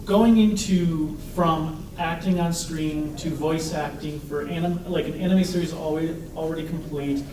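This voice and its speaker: An interviewer asking a question at a convention, halting and rephrasing as they go. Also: medium pitch, steady tone, a crowd in the background. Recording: echoey room from far off.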